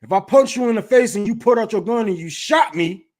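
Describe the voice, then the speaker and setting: Blunt, profane man with a high voice. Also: animated, fairly quick, a little mellow. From Detroit. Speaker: livestream host. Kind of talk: casual livestream commentary.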